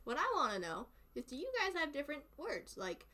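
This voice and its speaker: A woman's voice: high-pitched, very animated, a little fast, sharp tone. A chatty woman with a thick Southern US accent, laughing often as she talks casually with her stream followers. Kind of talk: casual chat.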